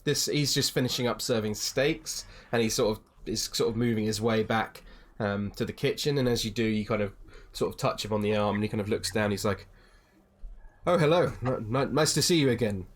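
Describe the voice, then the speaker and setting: A young man running a tabletop game as dungeon master, narrating scenes with frequent pauses and restarts. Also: fairly low pitch, fairly even intonation. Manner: hesitant, many ums and restarts, slips into character voices.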